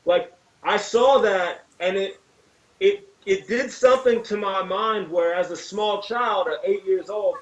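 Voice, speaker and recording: A man's voice: sits high, unhurried, lo-fi sound. A man talking about a childhood horror memory in casual chat, swearing as he goes. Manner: profane, earnest storytelling. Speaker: guest musician. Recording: roomy call audio from far off.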